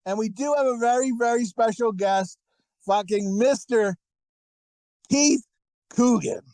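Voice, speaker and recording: A man hosting a podcast, crude and swearing constantly, laughing loudly in casual chat. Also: extremely high pitch, a little slow, no echo, rough recording. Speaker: podcast host.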